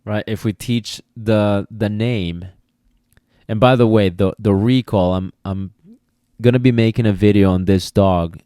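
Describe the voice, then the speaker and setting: This podcast host talks dog training in a casual, explanatory way, going over points again and occasionally performing the commands. He has a lowish, warm, clean voice and speaks a little slowly. Recorded dry into a podcast mic with studio quality.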